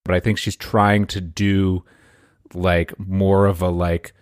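A man from the South, co-hosting a podcast in casual, halting chat. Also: low voice, level tone, no room sound, clean studio sound. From Southern US, Louisiana. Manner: halting, restarts often, thoughtful. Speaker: podcast co-host.

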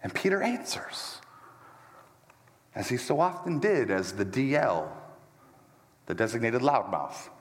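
A man preaching a sermon as pastor, animated and emphatic, with joking asides, walking around as he speaks. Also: medium pitch, measured pace, long pauses. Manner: walks around while preaching. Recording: long church-hall reverb.

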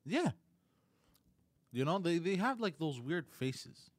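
A man co-hosting a live show, chiming in with quick, casual banter and slang. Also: fairly high pitch, big pitch swings, dry recording, studio quality. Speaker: co-host. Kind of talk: casual live-stream chat.

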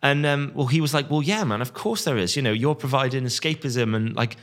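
Male band guest, mid pitch, searching, stop-start speech. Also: a bit bright. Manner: halting, repeats words while searching. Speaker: guest musician. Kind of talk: casual chat.

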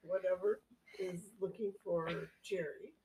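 A woman's voice: fairly low pitch, steady tone, a little slow, warm tone, breathy edge, dry recording, poor audio. A woman in casual chat, chiming in with short corrections and wry quips. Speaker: podcast co-host.

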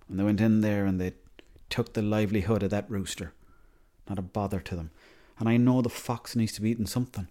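A young Irishman with a fairly low voice rambles through a comic monologue. He keeps it deadpan and throws in plenty of swearing. His tone stays warm and mellow. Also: fast. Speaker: comedy monologuist.

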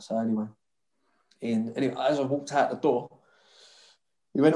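A man's voice: fairly high pitch, a little fast, reverberant. A man telling football stories casually, laughing and swearing as he goes. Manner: laughing, swearing, lively storytelling. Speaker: former footballer.

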